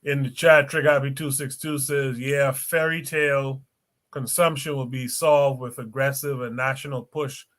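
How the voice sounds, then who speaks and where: Calm man hosting a livestream. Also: mid-range voice. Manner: measured, reads the chat aloud. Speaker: podcast host.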